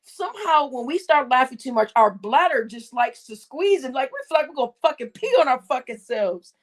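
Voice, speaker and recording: Woman, casual livestream host, high-pitched, laughs through her words, swears a lot. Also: animated, fairly quick. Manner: giggly, breaks into laughing fits, swears a lot.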